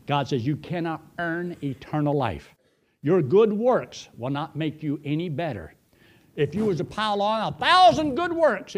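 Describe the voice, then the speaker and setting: Animated high-voiced preacher. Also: male voice, slightly rough. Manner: preaching with dramatic swings in loudness and emphasis. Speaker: pastor. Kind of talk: sermon.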